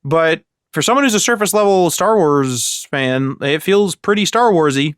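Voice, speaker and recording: Rambling man chatting about games, bright. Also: a little high, animated, normal speed, clean tone, dry recording, studio quality. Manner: rambling, filler-heavy, acts out voices when retelling. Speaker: podcast co-host. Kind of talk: casual chat about video games.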